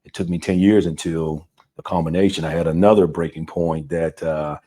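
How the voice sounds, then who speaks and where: A man's voice: sits low, steady tone, normal speed, dark tone. A man, an author and car salesman, earnestly telling a personal story in a casual interview, often repeating words. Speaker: author guest.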